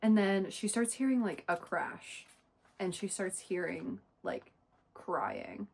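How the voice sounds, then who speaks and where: A woman recapping a book chapter by chapter in a casual, chatty way. Her commentary turns sarcastic and indignant, and her voice sits at an ordinary middle pitch. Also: expressive, slow pace, vocal fry, darkish tone, slightly rough. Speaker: book reviewer.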